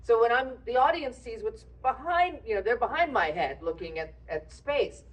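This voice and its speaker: A woman's voice: on the high side, normal speed, recorded from a distance. A woman actor on a convention panel, telling behind-the-scenes stories and laughing as she goes. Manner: animated, laughing while telling anecdotes. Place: convention hall panel, heard from a distance.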